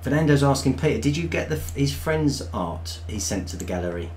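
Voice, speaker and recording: A man's voice: medium pitch, animated, brisk, darkish tone, a little hiss or hum. A man co-hosting a live stream, reading out viewer comments in a casual, hesitant way with many ums. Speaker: co-host reading chat.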